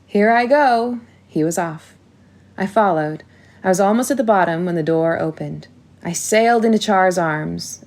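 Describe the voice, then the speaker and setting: A woman narrating a storybook in the first person with a measured, expressive reading. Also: fairly low pitch, vocal fry. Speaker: audiobook reader.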